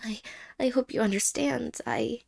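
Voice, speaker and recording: A woman as a hesitant, wistful ex-girlfriend in a slow whispered role-play. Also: on the high side, vocal fry, full character voice. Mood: tender. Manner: halting, hesitant, soft-spoken with whispered words. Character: wistful, apologetic young ex-girlfriend.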